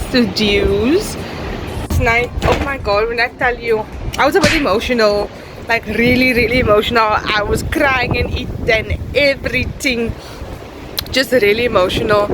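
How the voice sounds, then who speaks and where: A woman's voice: a little high, background noise. A young South African woman in her twenties talking candidly to camera in a casual vlog, swearing and laughing often. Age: 20s. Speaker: vlogger. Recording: music playing underneath.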